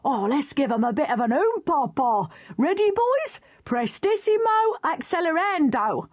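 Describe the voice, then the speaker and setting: A woman voicing an excitable male bandmaster in a children's storybook. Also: high-pitched, unhurried, dry recording, studio quality, pitched above the performer's own voice. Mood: jolly.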